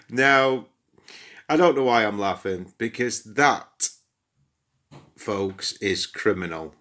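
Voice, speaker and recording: British male hobby reviewer, lowish voice, chatty and wry, recorded in a reverberant home room. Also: animated, slow pace, fairly bright tone. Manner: chatty, exasperated asides to viewers. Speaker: astronomy gear reviewer. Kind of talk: casual product review. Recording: echoey room.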